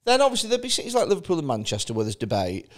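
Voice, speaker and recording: A man's voice: a little high, wildly swooping pitch, very fast. A man, a comedian hosting a podcast, riffing in casual banter, swearing often and acting out mock dialogue in shifting voices.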